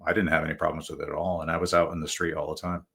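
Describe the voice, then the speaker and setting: Low-voiced man rambling through stories. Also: flat delivery, gravelly, fairly bright tone, husky. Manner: rambling, halting, many fillers and restarts. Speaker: guest author. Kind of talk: casual storytelling.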